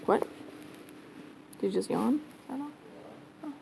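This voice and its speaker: A woman's voice: a little high, animated, slow, gravelly, mellow, a little hiss or hum, rough recording. A woman math teacher giving a casual classroom lecture, thinking aloud and checking in with students. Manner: casual, chatty, thinks aloud, says okay often.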